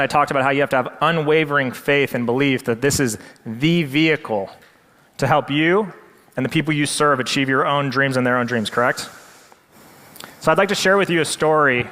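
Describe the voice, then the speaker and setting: A male presenter telling a story with animated, dramatic delivery. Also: fairly high pitch, long reverb tail.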